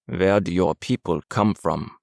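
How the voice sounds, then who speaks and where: Audiobook villain: a man playing a menacing German captor, thick accent, low gravelly growl, quiet and cold. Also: fairly even intonation, no room sound, studio quality. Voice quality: deep, gravelly. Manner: quiet, cold, measured threats.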